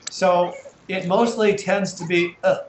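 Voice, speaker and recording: A man's voice: high-pitched, measured pace, fairly bright tone, roomy sound, a little hiss or hum, poor audio. An American man teaching an English lesson over a video call, patiently sounding out and spelling words.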